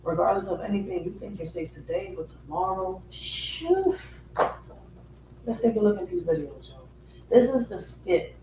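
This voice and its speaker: A man's voice: high voice, a little fast, dark tone, recorded from a distance. A man hosting a reaction video, giving loose, chatty commentary with many fillers. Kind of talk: casual commentary. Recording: echoey room, away from the mic, faint noise.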